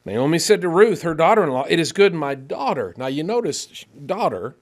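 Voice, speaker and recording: A man preaching in a church, teaching a Bible class and reading scripture aloud, animated and speeding up when excited. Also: fairly high pitch, normal speed.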